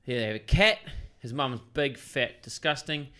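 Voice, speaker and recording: A man's voice: mid-range voice, lively intonation, normal speed, pushed and bright. A man, co-hosting a podcast and telling a story in casual, swearing chat. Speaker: podcast co-host.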